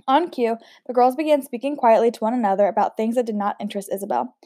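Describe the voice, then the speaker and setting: A woman's voice: on the high side, fast, hardly any pauses, warm tone, dry recording, clean studio sound. A woman reading a novel aloud in a casual way, stumbling over words now and then and chatting between passages. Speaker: audiobook reader.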